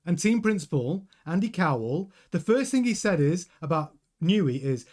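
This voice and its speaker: A man with a high-pitched voice delivers animated, opinionated commentary to camera. He presses his points hard and talks straight to his viewers. The host is in full flow, quick and emphatic. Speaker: host of a motorsport news channel.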